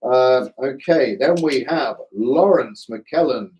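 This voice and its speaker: A man's voice: medium pitch, animated, takes it slowly, darkish tone, muffled recording. Chatty man hosting a live stream. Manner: chatty, self-deprecating, chummy with viewers. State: slightly hoarse. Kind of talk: casual live chat reading viewer comments.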